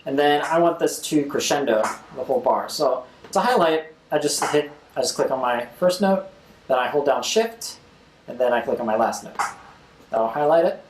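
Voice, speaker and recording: A man's voice: mid-range voice, animated, moderate pace, roomy sound, rough recording. A young man hosting a casual screen-recorded music tutorial, talking as he clicks and scatting drum rhythms aloud.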